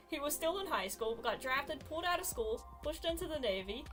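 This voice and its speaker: A woman with a fairly high voice plays a game while casually retelling a story at a moderate pace. She's lively and giggly, frequently dissolving into laughter, with faint music in the background.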